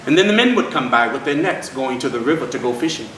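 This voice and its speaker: A man's voice: medium pitch, animated, quick pace, a bit bright. A man telling history and a folk tale live to an audience, folksy and calling the crowd y'all, heard from far off in an echoey room. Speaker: storyteller. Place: historic site event.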